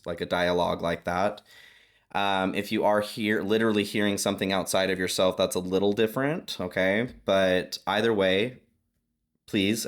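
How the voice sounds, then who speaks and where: Man, very low voice, chatty reassuring tarot reader addressing viewers. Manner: chatty, reassuring, frequent "okay?" check-ins. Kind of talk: casual tarot reading to camera.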